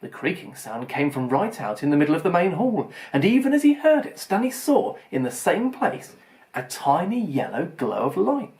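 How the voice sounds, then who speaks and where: A man's voice: fairly high pitch, huge pitch swings, moderate pace, darkish tone. Man reading a children's audiobook. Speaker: audiobook reader.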